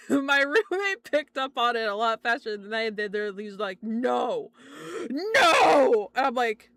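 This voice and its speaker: A young woman streamer telling stories in a casual chat, animated, swearing often and laughing between lines. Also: fairly high pitch, normal speed, clear, resonant tone, no echo.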